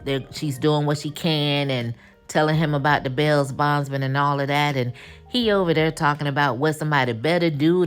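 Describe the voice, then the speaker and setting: A woman with a Black way of speaking, recapping a TV episode in casual, animated chat and acting out the characters' lines with attitude. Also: low-pitched. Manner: animated, acts out quotes with attitude. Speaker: TV recap host.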